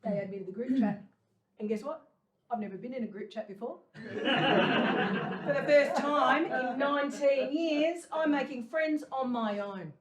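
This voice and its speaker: A woman's voice: sits high, a little slow, a loud crowd. A middle-aged woman performing a chatty, self-deprecating stand-up monologue on a live stage, laughing often at her own jokes. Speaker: stand-up comedian. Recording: roomy, from a distance.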